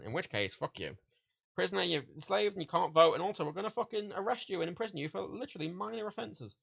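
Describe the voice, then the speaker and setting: A man's voice: fairly high pitch, expressive, fast, gravelly, pushed and bright, dry recording, studio quality. A man chatting casually on a livestream while packing orders, ranting with heavy swearing and frequent laughter. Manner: profane, ranting, laughs often.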